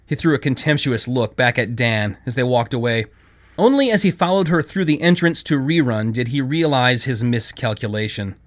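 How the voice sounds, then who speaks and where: A man narrating a story as an audiobook, with expressive storytelling. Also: mid-range voice, a little fast.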